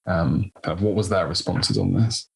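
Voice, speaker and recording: Lower-voiced man hosting a casual podcast. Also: moderate pace, creaky, darkish tone, poor audio. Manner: loose, filler-heavy questioning. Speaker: podcast host. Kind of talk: casual interview chat.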